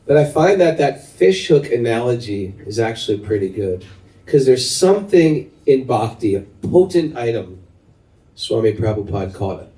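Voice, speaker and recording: A man's voice: medium pitch, normal speed. A middle-aged man leading a devotional talk to a live group as its spiritual teacher, telling stories with animation and asking his listeners questions. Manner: animated storyteller who asks the audience questions. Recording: echoey room, mic at a distance.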